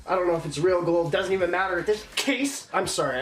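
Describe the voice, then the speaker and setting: A man's voice: high voice, fast talker, a bit bright, roomy sound, a little hiss or hum. A young man vlogging casually, frustrated and ranting, often apologizing to viewers. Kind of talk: casual unboxing vlog.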